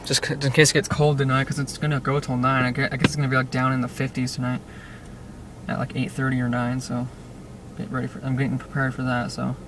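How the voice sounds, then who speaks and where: A man's voice: mid-range voice, completely flat delivery, quick pace. A young man rambling in a casual vlog while driving through traffic, with lots of fillers and restarts. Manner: rambling, restless, fillers and self-interruptions. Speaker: vlogger. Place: car in traffic. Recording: distant car-cabin audio with road noise. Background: car and road noise.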